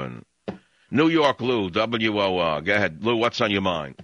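A male talk-radio host riffing from a studio mic, opinionated and wandering from topic to topic with a sardonic edge. His voice is bright and his pitch swings widely as he talks. The studio sound is close and dry. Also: animated, unhurried, no room sound, lo-fi sound. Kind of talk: talk radio monologue and call-in. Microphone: studio microphone.

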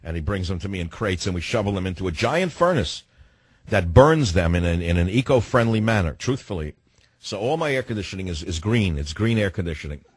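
A man's voice: low voice, animated, fairly quick, breathy edge, no echo. A man hosting a talk radio show, sarcastic and wisecracking, from New York. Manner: sardonic, wisecracking.

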